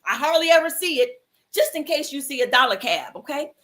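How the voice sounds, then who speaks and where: A woman with a high voice, the host of a mindfulness livestream, tells viewers an inspirational story at a fairly quick clip. She's animated, uses casual slang, and acts out the voices in quoted lines. It's picked up by her livestream computer mic.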